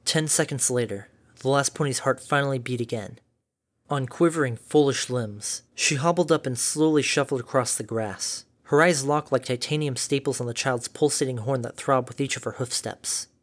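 A man narrating a dark fan story in a measured, dramatic reading. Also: mid-range voice.

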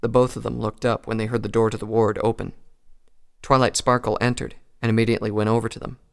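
A man reading a pony fan fiction story aloud in a calm, even storytelling voice. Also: fairly low pitch, quick pace, vocal fry, smooth. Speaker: narrator.

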